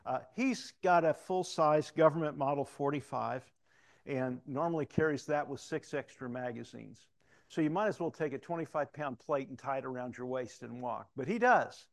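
A man preaching a sermon in a church in a folksy, conversational way, telling a story and then praying in a hushed, slow voice. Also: mid-range voice, creaky.

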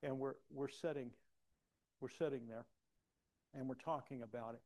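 A man preaching a personal testimony, acting out dialogue and swinging from soft to loud. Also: mid-range voice, normal speed. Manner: animated, acts out dialogue, big swings in loudness. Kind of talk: sermon storytelling.

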